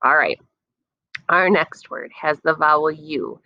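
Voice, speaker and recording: A woman teacher leading a phonics lesson for young children, stretching words out slowly and praising their answers. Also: deep voice, no room sound, dull audio. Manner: slow, drawn-out sounding of words, encouraging.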